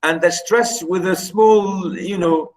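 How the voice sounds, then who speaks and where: Slow, high-voiced male lecturer. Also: low-quality recording. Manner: halting, repeats words, counts out syllable stresses. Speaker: university lecturer. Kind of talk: online poetry lecture.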